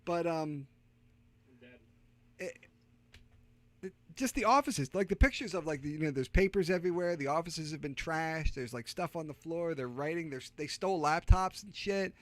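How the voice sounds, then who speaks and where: A man's voice: on the high side, normal speed, no room sound. A middle-aged man with a Delaware County Philadelphia accent, chatting casually as a podcast co-host and telling rambling stories full of fillers and restarts. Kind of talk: casual chat.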